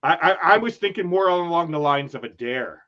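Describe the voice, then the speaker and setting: A man hosting a relaxed travel livestream, reading out the chat and joking with his co-host. His voice sits somewhat high, and the stream audio sounds muffled and lo-fi. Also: fairly quick. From Canada. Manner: chatty, reads viewer comments aloud, laughs often.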